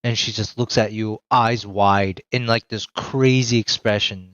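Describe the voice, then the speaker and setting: A game master narrating a tabletop game in a slow, hesitant way, with fillers. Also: medium pitch, steady tone, a bit bright, no room sound, lo-fi sound.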